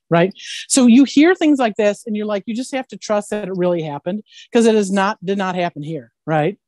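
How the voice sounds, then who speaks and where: A woman voice actress who tells animated stories in a casual interview and keeps asking "right?". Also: medium pitch, brisk, dry recording. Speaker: voice actress guest.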